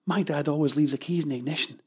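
Cheeky storybook farm boy, teasing and offhand, husky and brisk, as the narrator plays him. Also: medium pitch, darkish tone, lightly acted. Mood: urgent. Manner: quick, joking, offhand. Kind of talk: storybook reading.

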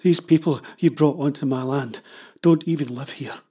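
A burly, stubborn father barks gruff and forceful orders to defend his land, voiced by a male narrator. His voice is husky and sits a little high for a man. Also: normal speed. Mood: angry.

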